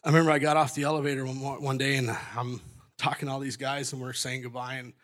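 A middle-aged man stands before a church gathering and tells his personal testimony. He rambles and doubles back mid-sentence, cracking jokes at himself as he goes. His voice sits at an everyday middle pitch. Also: flat delivery, fast, fairly bright tone. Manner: rambling, self-interrupting, jokey. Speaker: church member giving testimony.

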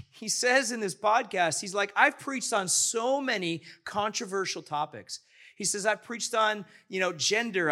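A man's voice: high voice, bright, forceful tone. A man preaching a sermon as pastor, enthusiastic and rambling, often restarting his sentences.

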